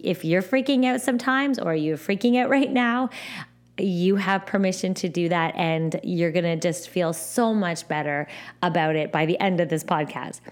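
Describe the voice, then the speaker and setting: A woman hosting a podcast alone, talking in a gentle, encouraging way and often repeating her phrases. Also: fairly low pitch. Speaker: podcast host. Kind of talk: supportive solo podcast talk.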